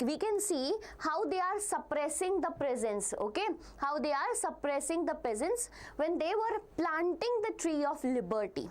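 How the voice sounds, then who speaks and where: A woman with an Indian English accent leads a live online lesson in a high, bright voice. She talks straight to her students and keeps asking them questions and checking that they follow her. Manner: lively, keeps quizzing students and checking "get it?". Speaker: teacher.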